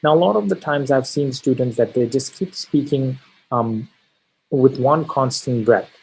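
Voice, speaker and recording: A man's voice: medium pitch, a little slow, creaky, a little mellow, slight background noise, rough recording. A man teaching a test-prep lesson on pronunciation, explaining step by step and often checking in with "all right?". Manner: frequent tag questions, stresses key words. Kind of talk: spoken lesson on exam pronunciation.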